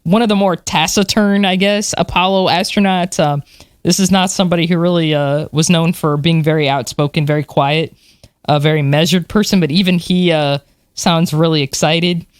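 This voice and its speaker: A podcast co-host telling stories in an animated way, with plenty of fillers and laughs. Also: mid-range voice, moderate pace, smooth, no room sound, studio quality. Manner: animated storyteller, many fillers, laughs while talking. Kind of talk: casual chat.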